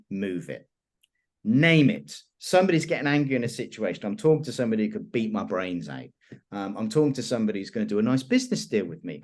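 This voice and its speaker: Guy coaching people on calming heated talks, lively up and down voice, laughs a lot. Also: lowish voice. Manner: animated, expressive, laughs often. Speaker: hypnosis and influence trainer. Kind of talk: teaching in conversation.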